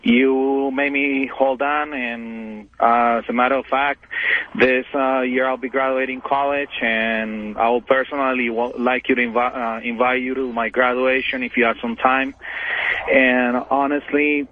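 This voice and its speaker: Heartfelt man on a flat phone line. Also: medium pitch. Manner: heartfelt, halting. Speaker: caller. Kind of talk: call-in phone call.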